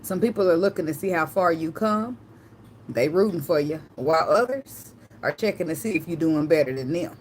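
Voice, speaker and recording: Female tarot reader, AAVE, low pitch, chatty tangents, faint room noise. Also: lively intonation, moderate pace. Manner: chatty, tangential, slangy, swears and laughs. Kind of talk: casual channeled tarot reading.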